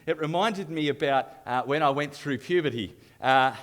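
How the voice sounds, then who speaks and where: An Australian man giving a humorous live youth talk, telling self-mocking stories in an animated way and chuckling often. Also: fairly high pitch, normal speed. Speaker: youth leader. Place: live youth event on stage.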